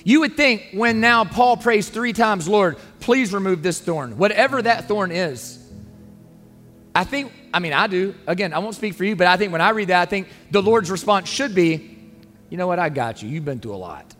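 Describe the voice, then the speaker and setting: Pastor guy preaching, earnest and pleading, slightly high voice, long echo in the church, soft music behind. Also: moderate pace. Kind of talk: sermon. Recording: long reverb, faint music underneath.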